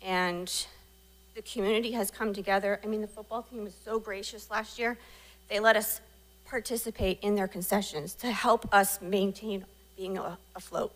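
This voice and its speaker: A woman's voice: mid-range voice, steady tone, normal speed, low-quality recording. A woman, treasurer of a parent booster group, giving an earnest, emotional public comment at a school board meeting.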